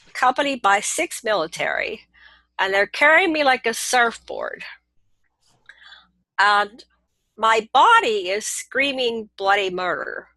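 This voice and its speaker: An older woman telling a long personal story as an interview guest, lively and animated with laughs, restarts and quick asides. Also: medium pitch, dry recording, low-quality recording. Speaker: interview guest recounting experiences.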